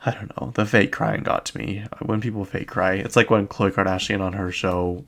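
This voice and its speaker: Brief: man host, low gravelly voice, loose rambling recap chat full of "like"s. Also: steady tone, moderate pace, a bit bright. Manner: rambling, many fillers and "like"s. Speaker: podcast host.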